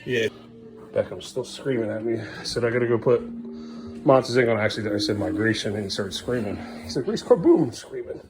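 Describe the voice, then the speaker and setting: A man's voice: on the low side, fairly even intonation, a little fast, over music. A man filming a casual family vlog at home, coaxing and bantering with his small children. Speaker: father vlogging his day with his sons.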